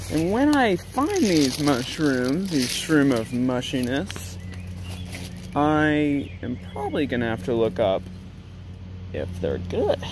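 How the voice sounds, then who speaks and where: A vlogger rambling and joking to viewers while hiking through the woods, filmed on a handheld camera. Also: medium pitch. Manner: giggly, joking, talking to viewers. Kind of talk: rambling solo hiking vlog. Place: outdoors in woods. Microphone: handheld camera mic. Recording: clear outdoor nature noise.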